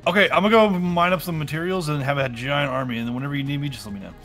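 Bright, joking gamer guy. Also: on the high side, racing, faint music behind. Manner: joking, playful. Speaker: gaming channel regular, map maker. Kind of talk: casual gameplay chat.

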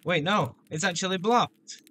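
A man's voice: high voice, measured pace, a bit bright. A man giving playful, joking let's-play commentary on a shooter game. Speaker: gameplay commentator.

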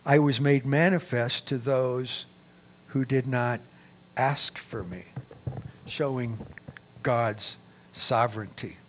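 A man preaching a sermon as pastor, reading scripture aloud with raised emphasis in a deliberate, measured way. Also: mid-range voice, a little hiss or hum.

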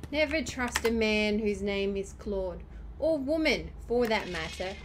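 A woman's voice: medium pitch, animated, slow pace, background noise. A woman streaming gameplay, ranting and swearing at the game as she plays. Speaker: gamer streamer. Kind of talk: gameplay commentary.

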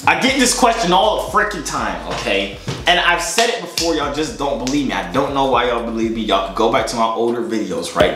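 A young man casually answering fan questions in a joking, slangy, rambling way. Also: mid-range voice. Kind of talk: casual Q&A chat. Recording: echoey room.

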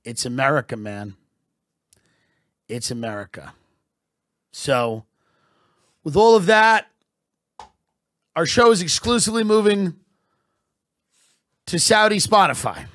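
A man hosts a comedy podcast in a deadpan, mock-patriotic tone. His voice sits a bit high and he takes his time, drawing each line out. The sound is close and dry. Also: unhurried, long pauses, no echo. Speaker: podcast host. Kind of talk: satirical comedy monologue.

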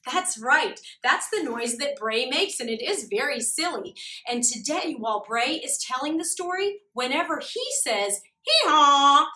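High, bright-voiced preschool teacher woman. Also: animated. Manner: slow, encouraging questions to small children. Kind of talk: children's church lesson. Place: church room. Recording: echoey room, mic far off.

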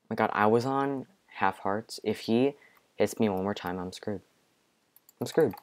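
Excitable young man gaming at home. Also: on the low side, measured pace. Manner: excitable, panicky outbursts, many repeated exclamations. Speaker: gaming video creator. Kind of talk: casual let's-play commentary with a friend. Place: home bedroom.

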